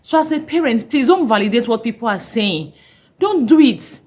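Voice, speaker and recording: An earnest woman host of a parenting podcast, speaking in a slightly raised pitch. She teaches with emphasis and repeats her key advice to drive it home. Her delivery stays steady and instructive. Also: moderate pace, breathy edge, poor audio. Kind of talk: instructional talk.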